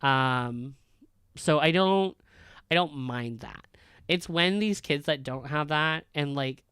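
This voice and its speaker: A man who works as a high school teacher, ranting in casual chat, blunt and profane, with lots of fillers. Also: slow pace, a bit bright, clear, resonant tone, dry recording, clean studio sound.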